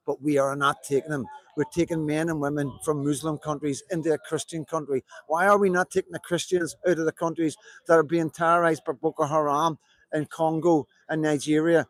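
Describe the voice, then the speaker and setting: A Northern Irish man talks in a heated, rambling way, swearing freely as he goes. His voice sits a little high. The sound is dry and close, with no room around it. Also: dry recording. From Northern Ireland. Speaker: protester. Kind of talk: outdoor livestream speech.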